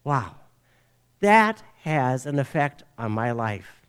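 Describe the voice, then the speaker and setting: An older man preaching a sermon, telling a children's story with an animated preacher's delivery. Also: mid-range voice, slow pace, clear, resonant tone. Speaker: pastor.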